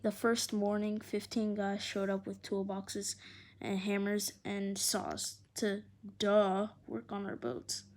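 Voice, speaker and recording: A woman reading a children's adventure novel aloud in an expressive, animated way. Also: medium pitch, slow pace. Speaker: storyteller.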